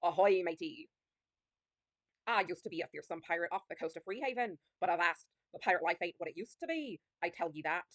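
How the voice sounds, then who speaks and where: A woman's voice: fairly low pitch, lively intonation, brisk, no room sound, close to an everyday voice. A woman reading a weary, wistful old male ex-pirate in a game, using pirate slang and a loose put-on accent.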